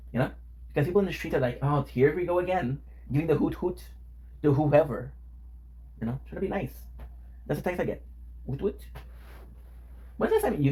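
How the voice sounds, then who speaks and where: A man's voice: on the high side, warm tone, breathy edge. A man streaming from his home kitchen, chatting casually with viewers in a playful, teasing, joking way. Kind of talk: casual live-stream chat.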